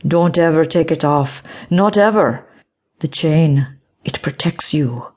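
A woman voicing a stern, mysterious fortune teller who speaks slowly and gravely. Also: sits low, a little mellow. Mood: stern, ominous. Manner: slow, stern and ominous.

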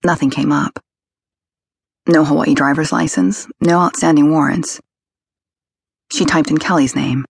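Gravelly woman narrating a crime novel. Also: low-pitched, fairly even intonation, measured pace, pauses often, no room sound, studio quality. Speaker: audiobook narrator. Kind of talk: scripted narration.

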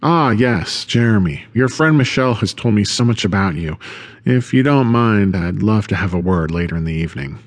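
A man voicing a calm, wise yoga teacher in his sixties with an East Indian accent, speaking slowly and graciously. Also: fairly low pitch, close to an everyday voice. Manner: slow and measured.

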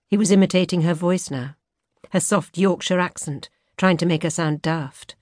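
Woman narrator, lowish voice, measured expressive reading, dry booth sound. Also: no room sound. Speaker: audiobook narrator. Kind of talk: scripted narration. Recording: dry studio recording.

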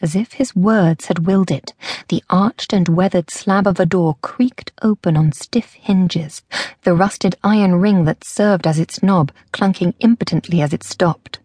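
Husky-voiced woman reading a novel. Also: on the low side, measured pace, a little mellow, no echo, clean studio sound. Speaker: audiobook narrator. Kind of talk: scripted audiobook narration.

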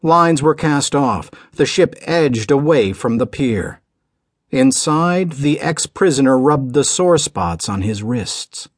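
Man, audiobook narrator, unhurried reading, lively rise and fall, dry close studio sound. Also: medium pitch, dry recording. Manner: measured, dramatic storytelling delivery.

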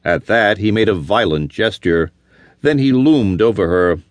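A man's voice: fairly low pitch, expressive, unhurried, dry recording. A man reading a western novel aloud as an audiobook narrator, telling the story expressively. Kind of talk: scripted narration.

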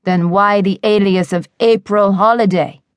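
A woman narrator voicing a powerful, intimidating man who speaks softly and calmly in a deep, husky voice with controlled menace. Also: unhurried, no echo, natural voice. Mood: cold.

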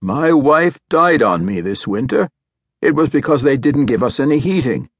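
A man's voice: mid-range voice, animated, normal speed, breathy edge, no room sound, pitched above the performer's own voice. Bitter aged widower played by a man, muttering grievances, storybook.

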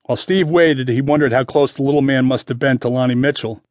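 A man with a medium-pitched voice reads a detective novel aloud in measured, even scripted narration. The recording is dry and close, with no room sound. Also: no room sound. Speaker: audiobook narrator.

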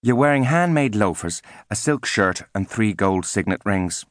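A man voicing a cold, condescending twelve-year-old genius in an audiobook, speaking crisply and precisely with cool superiority. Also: lowish voice, expressive, moderate pace, no room sound, studio quality, voice pushed up, close to an everyday voice. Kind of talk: audiobook character voice.

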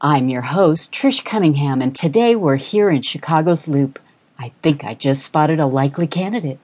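A woman voicing a brisk, pushy television host in an audiobook story, with a low voice. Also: animated, a little mellow. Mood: chipper.

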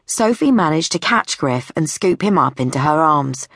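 Brief: woman audiobook narrator, lowish voice, measured and wry, close dry studio sound. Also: animated, no echo.

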